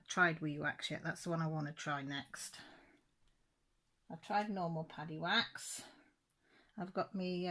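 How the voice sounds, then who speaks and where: This crafting channel host, a woman in her forties, talks loosely as she works on a project, wandering off topic and fixing her sentences partway through. Her pitch is fairly low with a sharp tone, and there's slight background noise.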